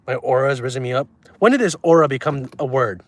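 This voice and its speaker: A young man talks casually to his livestream audience from inside a car, his voice sitting at an ordinary middle pitch. He reads the chat aloud and answers it in a flat, deadpan way, trolling and teasing his viewers as he goes. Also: quick pace, no room sound.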